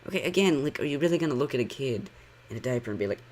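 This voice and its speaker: A man's voice: mid-range voice, lively intonation, rapid-fire, a little mellow. Sarcastic man ranting in commentary. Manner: sarcastic, rambling, heavy use of "like". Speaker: channel critic.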